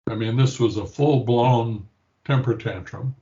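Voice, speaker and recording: An older man, a grandfather and patient, appears as an interview guest, reflectively recounting a personal story and performing the voices he quotes. His mid-range voice is warm and measured, though the audio sounds dull.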